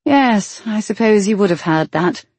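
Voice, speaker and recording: A woman voicing an impulsive, spirited young lady who talks in an animated, dramatic way. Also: medium pitch, a little slow, no echo. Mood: flustered.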